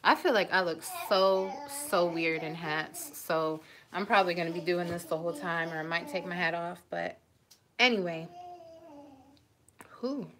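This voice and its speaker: A woman's voice: fairly low pitch, moderate pace, a bit bright. A woman in her twenties chatting on a live stream from home into her phone, rambling and emotional, often breaking off mid-thought. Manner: rambling, emotional, self-interrupting. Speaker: vlogger. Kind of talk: casual live-stream chat.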